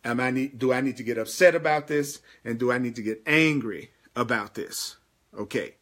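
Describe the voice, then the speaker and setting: A man teaching a spiritual class on a livestream, emphatic and slow when he repeats key lines. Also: mid-range voice, fairly bright tone. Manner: bursts into exuberant whoops and playful sounds. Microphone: webcam or phone livestream.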